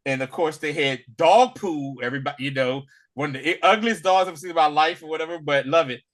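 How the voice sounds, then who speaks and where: A man co-hosting a podcast, talking casually about a movie and acting out scenes in loud bursts. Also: a little high, fairly quick. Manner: animated, acts out lines in loud bursts. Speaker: podcast co-host.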